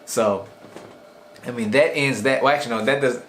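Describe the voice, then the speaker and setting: A man's voice: mid-range voice, normal speed, a bit bright, a little hiss or hum. A young man casually reviewing an anime episode in a rambling, slangy way, often acting out the characters' lines.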